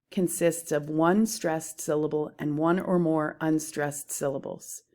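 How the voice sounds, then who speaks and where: A woman teacher talking through lecture slides on poetry, explaining terms in a slow, deliberate way. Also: low voice, a little mellow.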